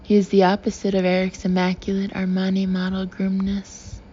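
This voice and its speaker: A woman's voice: medium pitch, monotone, moderate pace, mellow, slight background noise. Woman, first-person audiobook narration, intimate, emotional, muffled dull sound.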